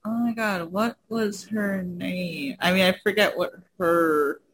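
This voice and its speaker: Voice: medium pitch, fairly even intonation, takes it slowly, a bit bright. A speaker in casual chat, enthusiastic, swearing casually and laughing often. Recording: faint background noise.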